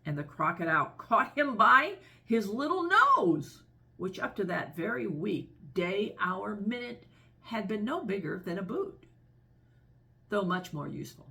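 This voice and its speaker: A woman reading a children's story aloud with expressive, gentle storybook narration. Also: medium pitch, unhurried, vocal fry.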